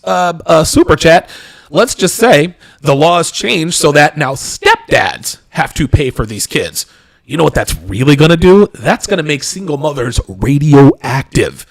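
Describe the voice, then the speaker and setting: A man's voice: fairly high pitch, gravelly. A male call-in show host who talks emphatically, repeats himself and asks rhetorical questions. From Miami area.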